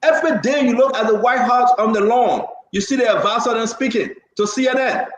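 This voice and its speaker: A man's voice: very high voice, a little fast, reverberant. A man hosting a heated political talk show, impassioned, cutting in and repeating himself for emphasis. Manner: impassioned, talks over others, repeats for emphasis.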